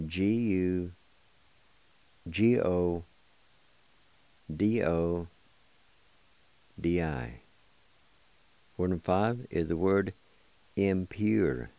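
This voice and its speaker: A very deep, low-pitched man speaks at an unhurried, measured pace. He hosts a radio language lesson and patiently breaks each word into single syllables. His tone is mellow, and the studio sound is dry and close. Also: no room sound. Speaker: radio host teaching a language.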